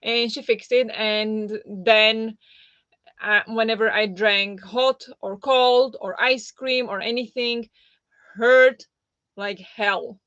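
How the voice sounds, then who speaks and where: A woman's voice: on the high side, fairly even intonation, slow, fairly bright tone, dry recording. Chatty woman on a dull, dry mic. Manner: chatty, filler-heavy, reacting to viewer comments. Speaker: livestream host. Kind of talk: casual livestream chat.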